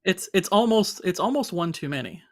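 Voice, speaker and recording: A man's voice: high-pitched, animated, brisk. A man joining a live sports stream as co-host, chatting casually and joking playfully.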